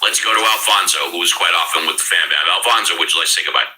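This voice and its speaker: A man's voice: sits low, very fast, sharp tone, rough recording. An older man hosting a live-stream talk show, blunt and emphatic, swearing at times. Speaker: podcast host.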